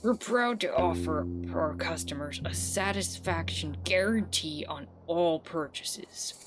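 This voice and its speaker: A woman's voice: low-pitched, takes it slowly. A woman voicing a female general store clerk with polite, formal sales patter. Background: guitar music.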